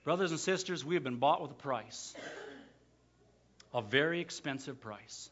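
A pastor preaching to his congregation, a man with a fairly high, bright, forceful voice. He drops to quiet, close asides, then builds to loud, emphatic declarations. The recording sounds muffled and lo-fi. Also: expressive, moderate pace. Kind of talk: sermon.

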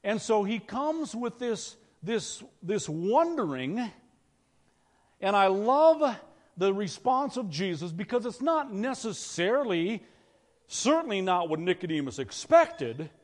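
In a relaxed, conversational sermon, a pastor pauses now and then to question his listeners. For a man, his voice sits high, and the audio holds the long reverb of a large church hall.

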